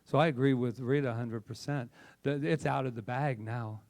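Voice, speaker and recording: A man's voice: medium pitch, normal speed, gravelly. A male minister preaching a passionate, conversational sermon to his congregation. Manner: impassioned, conversational, animated.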